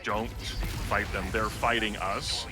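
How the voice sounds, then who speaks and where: A man's voice: on the low side, level tone, takes it slowly. A man making dry, wry remarks while playing a game with friends on stream. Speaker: gamer on a live stream. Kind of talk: casual co-op gaming chat. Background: game music.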